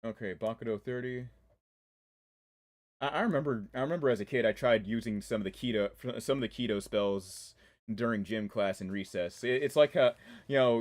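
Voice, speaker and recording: Chatty man with DC-New York accent. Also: lowish voice. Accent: mixed DC-area and New York. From Washington DC area. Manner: rambling, chatty, laughs often. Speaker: streamer. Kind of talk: casual gameplay livestream chat.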